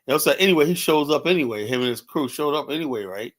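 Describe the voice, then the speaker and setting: Man from Virginia, quick animated storyteller, swears freely, loose podcast chat. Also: mid-range voice. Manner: fast, animated storytelling with heavy profanity and "you know". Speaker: podcast guest, former club security.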